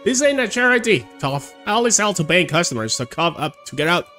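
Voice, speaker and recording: A man voicing a rude, stingy male street vendor in a slum, with a Cockney accent and a loud, brusque, scornful way of talking. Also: sits high, big pitch swings, a little fast, soft background music, pitched above the performer's own voice, exaggerated voice.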